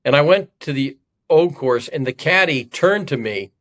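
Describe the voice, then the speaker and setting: A man's voice: fairly high pitch, animated, normal speed, fairly bright tone. Older man telling rambling anecdotes. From Ohio. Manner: anecdotal, self-deprecating, rambling asides. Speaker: podcast guest, former congressman. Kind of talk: conversational storytelling.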